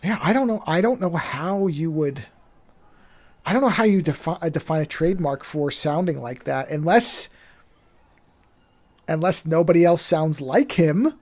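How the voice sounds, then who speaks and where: A man co-hosting a podcast, talking in a halting casual way with many restarts. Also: a little high, animated, a little mellow. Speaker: podcast co-host. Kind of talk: casual chat.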